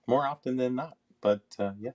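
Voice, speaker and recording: A man in casual podcast chat, relaxed, mostly answering with short agreeing murmurs. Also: medium pitch, normal speed, a crowd in the background.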